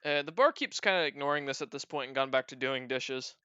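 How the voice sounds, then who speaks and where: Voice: medium pitch, little pitch movement, quick pace, sharp tone, smooth, no echo. Game master narrating a tabletop session, loose and casual, dull lo-fi mic. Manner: loose, hesitant narration with fillers and restarts.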